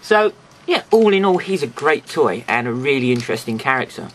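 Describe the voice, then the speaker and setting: Lively chatty man reviewing toys. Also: mid-range voice, a little fast, slight background noise. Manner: chatty, rambling, jokey asides. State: slightly nasal from a stuffy nose. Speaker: toy reviewer. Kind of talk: casual toy review.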